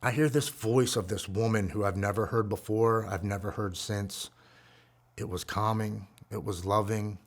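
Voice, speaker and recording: A man in his forties telling his own recovery story in an earnest, emotional way, dropping to a hushed voice at the heavy moments. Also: lowish voice, steady tone, moderate pace. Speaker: guest speaker.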